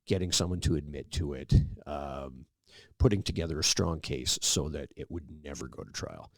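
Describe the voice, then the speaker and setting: Middle-aged man with a very deep, gravelly voice, relaxed podcast guest spinning anecdotes and playing out the dialogue. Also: normal speed, dry recording, studio quality. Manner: relaxed anecdotal storyteller, acts out quoted dialogue. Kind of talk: casual storytelling interview.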